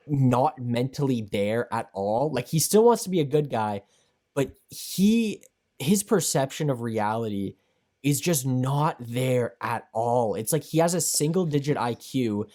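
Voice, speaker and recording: Young male podcast co-host, mid-pitched, animated and emphatic; long riffs. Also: measured pace. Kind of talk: casual podcast chat.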